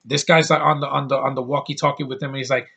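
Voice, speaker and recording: A man's voice: mid-range voice, little pitch movement, fast, gravelly, bright, forceful tone, husky. A man in his thirties talking through a DVD haul in a casual vlog, blunt and opinionated, rambling with crude outbursts. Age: 30s. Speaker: YouTube reviewer.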